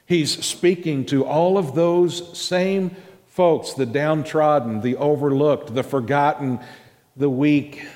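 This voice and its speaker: A man preaching a sermon as pastor, swinging between loud, high emphasis and quiet, drawn-out words. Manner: dramatic swings in pitch and volume, drawn-out emphasis. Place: church sanctuary. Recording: long reverb of a church hall.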